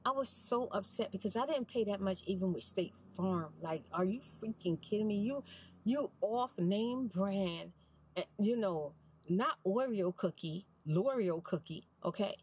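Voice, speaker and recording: A woman's voice: mid-range voice, lively intonation, a little slow, a little mellow, slight background noise, low-quality recording. A middle-aged woman, telling an emphatic, exasperated storytime vlog from inside a parked car. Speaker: vlogger.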